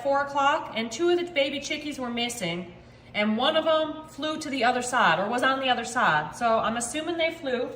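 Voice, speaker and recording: Casting: high, bright-voiced woman, chatty cooking host, echoey home kitchen. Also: slight background noise. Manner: chatty and bubbly, says y'all often. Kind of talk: casual cooking chat to camera.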